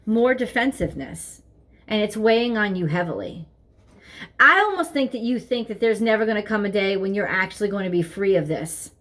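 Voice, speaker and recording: A woman's voice: mid-range voice, animated, a little fast, fairly bright tone. A woman giving a tarot reading at home, talking earnestly and repeating herself as she thinks aloud. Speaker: tarot reader. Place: home, seated at desk with her dog nearby.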